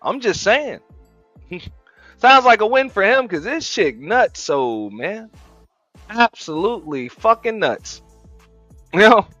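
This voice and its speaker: A man's voice: high voice, sing-song, slow, pauses often, sharp tone, no echo, lo-fi sound, soft background music. A man hosting a casual reaction show, talking in a laid-back, profane way, laughing and repeating himself. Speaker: show host reacting to clips.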